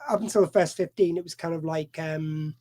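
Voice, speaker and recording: A co-host chats casually and hesitantly, stumbling over fillers and apologising often. The voice sits at an ordinary middle pitch. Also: fairly even intonation, fairly quick, mellow. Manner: hesitant, many fillers and apologies, laughs easily. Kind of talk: casual chat.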